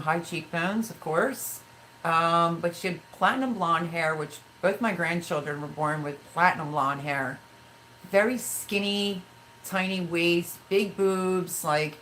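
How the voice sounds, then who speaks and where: A woman in her fifties chats through a live stream, reading out viewer comments and drifting into emotional personal stories. Her voice sits a little on the low side. A faint hiss of background noise runs under the recording. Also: a bit bright, poor audio. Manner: chatty, emotional storytelling, reads viewer comments aloud. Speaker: livestream host. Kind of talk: casual livestream chat with viewers.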